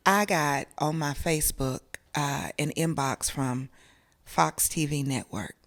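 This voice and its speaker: A woman's voice: low-pitched, big pitch swings, measured pace. A middle-aged woman, from South Carolina, telling a personal story as an interview guest in an emotional, earnest, conversational way.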